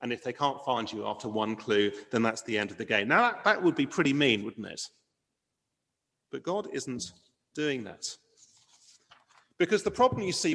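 A slightly high-voiced man delivers a sermon earnestly in a large, open-sounding room, raising and lowering his volume to stress key words and posing rhetorical questions.

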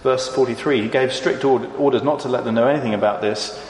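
A man delivers a sermon at a measured pace, reading verses and explaining them. His mid-range voice rings out in a roomy hall with a long tail of reverb. A faint murmur of ambience sits underneath. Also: mid-range voice, slight background noise. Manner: measured expository preaching, reading verses aloud. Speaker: preacher.

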